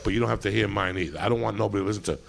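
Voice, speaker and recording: A middle-aged male comedian hosting a live podcast from a comedy club stage, ranting in a profane, animated storytelling style. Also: lowish voice, rapid-fire, vocal fry, slight background noise. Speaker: comedian host. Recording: live club recording, loud crowd laughter.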